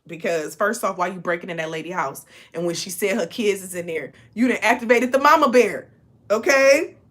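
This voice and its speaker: A woman's voice: mid-range voice, a bit bright. Sleepy, chatty, laughing spiritual woman. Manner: chatty, profane, laughs a lot, calls listeners y'all. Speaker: spiritual channel host. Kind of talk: casual late-night channeled message.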